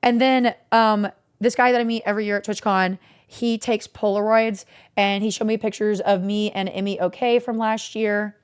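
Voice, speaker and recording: A young woman streamer casually recapping stories to her chat, animated and swearing freely. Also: mid-range voice, normal speed, hardly any pauses, clear, resonant tone.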